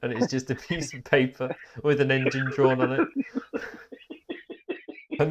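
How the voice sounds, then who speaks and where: A man's voice: mid-range voice, fairly even intonation, unhurried, dull audio, a crowd in the background. A man, a podcast host chatting casually in a rambling, self-correcting way and laughing at his own jokes. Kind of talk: casual chat.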